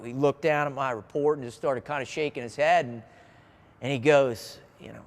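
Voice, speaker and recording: A man's voice: mid-range voice, steady tone, normal speed. Man, motivational speaker, personal storytelling, earnest, restarts phrases, long echoey reverb. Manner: earnest, vivid, with frequent restarts.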